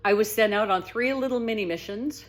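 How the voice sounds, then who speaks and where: A woman telling her own spiritual story in a casual, talkative monologue. She is earnest and expressive, and her voice lifts when she gets excited. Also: a little fast. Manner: animated and expressive, voice rising high when excited; earnest, talkative, with frequent restarts.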